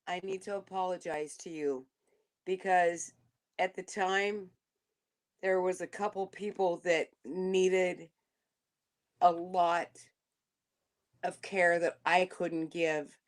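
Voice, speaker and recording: A woman's voice: fairly low pitch, fairly even intonation, slow pace, pauses often, a bit bright. A woman co-hosting a casual livestream chat, laughing often and chiming in with apologies.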